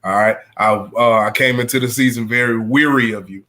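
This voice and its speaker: A man's voice: mid-range voice, fairly even intonation, fairly quick, bright, forceful tone. A man co-hosting a casual sports chat, joking and rambling in loose banter. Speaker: podcast co-host.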